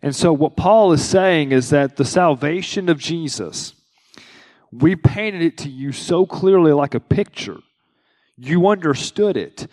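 A man's voice: a little high, a little slow, a little mellow. Man preaching in a reverberant church. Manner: conversational preaching, acts out quotes with rising emphasis. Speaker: pastor. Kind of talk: sermon.

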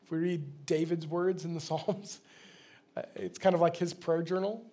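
Man, pastor, sermon, casual plain-spoken delivery, fairly high voice. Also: steady tone, normal speed, dark tone. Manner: conversational, plain-spoken preaching.

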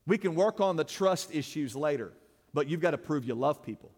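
A high-voiced male preacher delivers an emphatic sermon, swelling louder on his key points and calling out to the congregation. His voice rings with the long reverb of a church sanctuary. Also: expressive, fairly quick. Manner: emphatic, call-and-response, surges louder and higher on key points.

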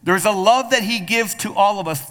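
A man's voice: sits high, normal speed, pushed and bright. A male pastor preaching a sermon, calling out to the congregation for responses and often restarting his words with repeats. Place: church sanctuary. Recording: long hall reverb from a church.

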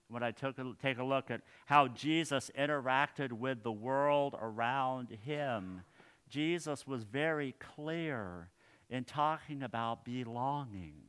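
A male pastor preaching a sermon in a church, earnest, his phrases trailing off softly at the ends. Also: mid-range voice, clear, resonant tone.

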